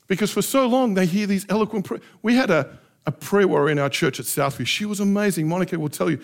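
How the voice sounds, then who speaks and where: A middle-aged pastor preaching a sermon with passion, acting out heartfelt prayers in changing voices. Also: male voice, high-pitched, quick pace. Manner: impassioned, acts out prayers in shifting voices.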